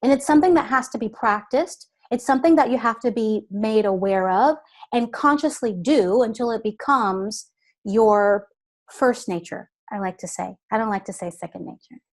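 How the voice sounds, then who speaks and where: Woman voice coach, a bit high, patient and deliberate, guest on an interview. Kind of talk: instructive interview talk.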